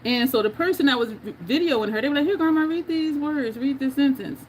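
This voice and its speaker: Her voice sits high yet has a darkish tone, and she speaks briskly while hosting a laid-back makeup livestream. She chats, laughs often and reads viewer comments aloud. Slight background noise can be heard.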